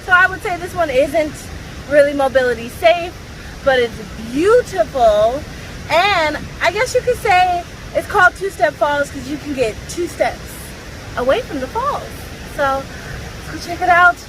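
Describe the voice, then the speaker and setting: A woman's voice: sits high, expressive, measured pace, noisy background. A woman hiking vlogger talking casually outdoors on forest trails, chatty, upbeat and self-mocking. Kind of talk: casual vlog narration.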